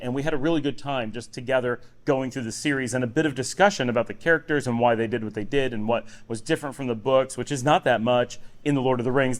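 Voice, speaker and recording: A man speaks at a middle pitch in an easygoing, rambling way, as if chatting to regular viewers about his day. He records himself in his home office on a table-top recorder. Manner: relaxed, rambling, conversational. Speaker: vlogger. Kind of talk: casual daily vlog talk.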